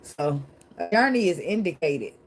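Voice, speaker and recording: A woman's voice: lowish voice, expressive, moderate pace, poor audio. A woman doing a casual tarot reading, talking emphatically and bluntly, with frequent swearing, laughter and preachy asides about faith. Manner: calls herself dramatic. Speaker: tarot reader.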